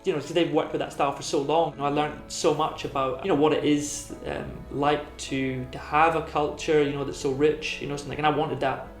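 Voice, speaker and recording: A man's voice: on the high side, little pitch movement, fairly quick, few pauses, reverberant, soft background music. A Scottish man from Edinburgh, a tattoo artist talking in a documentary interview, rambling and full of "you know". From Edinburgh, Scotland.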